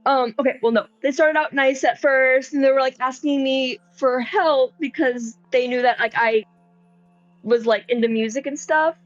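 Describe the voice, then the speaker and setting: A woman's voice: sits high, normal speed, no echo, muffled recording, soft background music, close to an everyday voice. A woman voicing a nervous, rambling young man in a tabletop game, talking hesitantly with lots of fillers. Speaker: player. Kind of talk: tabletop role-play in character.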